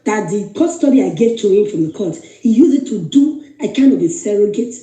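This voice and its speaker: A woman's voice: mid-range voice, expressive, brisk, mellow. A woman with a Nigerian English accent earnestly recounting her own story, repeating phrases and quoting dialogue as she goes. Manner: earnest, repetitive retelling with quoted dialogue. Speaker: guest telling her story. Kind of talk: personal testimony. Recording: echoey room.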